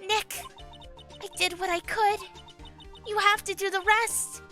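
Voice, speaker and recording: A brave young assistant in a courtroom game, her voice pitched high and tender, ringing bright over faint music, as a woman voices her. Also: level tone, slow pace, exaggerated voice. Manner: tender, earnest.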